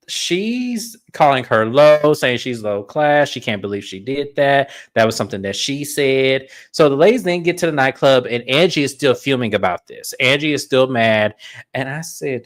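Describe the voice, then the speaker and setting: A man's voice: medium pitch, a little slow. A man hosting a casual reality-TV recap, telling the story bluntly and with plenty of swearing. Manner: blunt, profane, animated storytelling. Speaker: podcast host.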